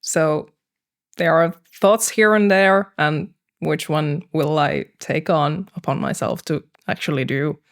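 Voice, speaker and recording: Slow, creaky-voiced young woman. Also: sits low. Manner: thoughtful, hesitant, with frequent fillers and laughs. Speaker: band manager and vocalist, podcast guest. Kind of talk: casual podcast conversation.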